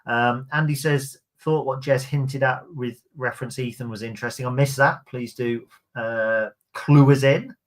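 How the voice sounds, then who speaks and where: A man hosts a relaxed fan podcast. He talks in a chatty, easygoing way and reads listener comments aloud between stories. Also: medium pitch, normal speed. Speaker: podcast host. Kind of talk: casual fan podcast chat.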